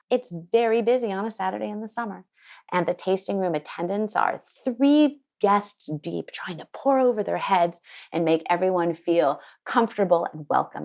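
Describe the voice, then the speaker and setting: A woman winemaker telling an animated story in an interview, acting out the people she quotes. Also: medium pitch, creaky. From United States. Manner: lively, quotes people in put-on voices. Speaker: winemaker guest. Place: her home in Sonoma County.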